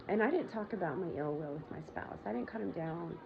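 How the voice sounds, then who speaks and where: A woman's voice: sing-song, normal speed, vocal fry. A woman hosting her own show, telling a long personal story in a blunt, rambling way, with frequent profanity and fillers. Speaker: show host. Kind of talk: candid personal monologue. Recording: muffled low-volume recording with loud background noise.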